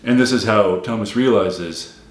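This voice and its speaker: A man's voice: fairly low pitch, measured pace, reverberant. A man giving a wry, emphatic solo critique of a film, repeating his points for effect. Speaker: film commentator.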